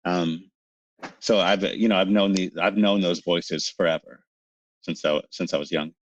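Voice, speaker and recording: A lively male interview guest from Canada with a fairly low voice, quick to laugh and excitable as he talks. His audio sounds a little muffled and lo-fi, and dry with no room echo. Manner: animated, laughs often, excitable. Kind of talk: casual interview chat.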